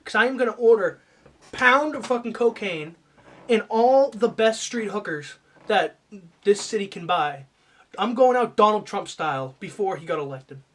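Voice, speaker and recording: A man doing a comedic rant, swearing and shifting from mumbled asides to mock-angry yelling. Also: sits high, expressive, normal speed.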